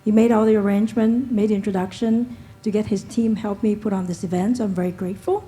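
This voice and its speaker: A woman's voice: medium pitch, fairly even intonation, quick pace, mellow, rough recording. A woman hosting an event at a hotel, introducing the next speaker in a playful way. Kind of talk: introducing a guest on stage.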